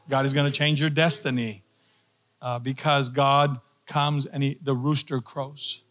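A middle-aged man preaching a sermon as pastor, animated, his voice climbing high on emphasis.

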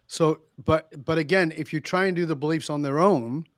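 A man's voice: fairly high pitch, normal speed, dry recording, studio quality. A man telling stories as a guest in a podcast interview, acting out the dialogue with energy. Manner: animated storyteller, acts out dialogue. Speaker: leadership speaker, guest.

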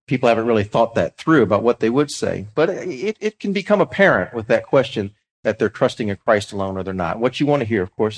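Earnest middle-aged man teaching ministry. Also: on the low side. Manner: earnest, conversational, with fillers and restarts. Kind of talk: teaching talk on evangelism.

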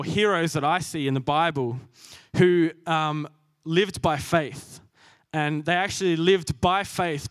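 A man's voice: a little high, fairly bright tone, no room sound, clean studio sound. A young man preaching a sermon, earnest and self-deprecating, laughing at himself as he goes.

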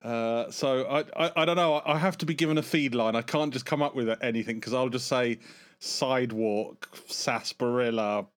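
A man's voice: mid-range voice, fairly quick, few pauses. A man with an English accent, a podcast guest chatting casually and hesitantly, often stammering. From England. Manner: hesitant, self-deprecating, stammers. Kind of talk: casual chat.

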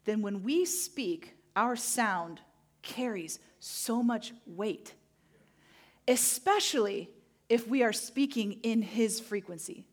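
A woman preaching a sermon, telling stories vividly and slowing down to stress key points. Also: fairly high pitch. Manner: animated storytelling, acting out moments; slow emphatic phrasing on key points. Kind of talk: sermon with personal storytelling.

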